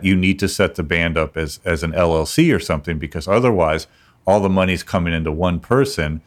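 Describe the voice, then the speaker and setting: A man with a very low, deep voice chats on a podcast. He rambles and restarts his sentences in a loose, playful way. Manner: rambling, self-interrupting, playful. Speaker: podcast co-host, music business lawyer. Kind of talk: casual podcast chat.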